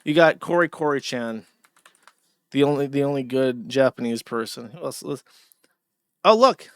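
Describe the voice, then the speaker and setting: A man's voice: mid-range voice, lively intonation, normal speed, clear, resonant tone, no room sound. A man hosting a livestream, ranting and swearing in casual commentary. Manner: profane, ranting. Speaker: stream host.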